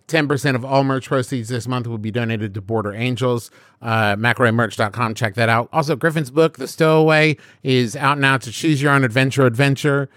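A man with a mid-pitched voice reads quick podcast announcements in an easygoing way and tosses in dry wisecracks. The sound is close and dry. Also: a bit bright, no room sound. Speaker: podcast co-host.

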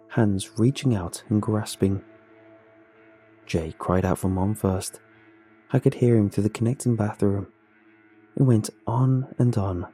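A man tells a first-person horror story in a deep, dark, mellow voice. His tone is slightly husky, and his delivery is measured and somber. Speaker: narrator. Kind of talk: scripted horror narration.

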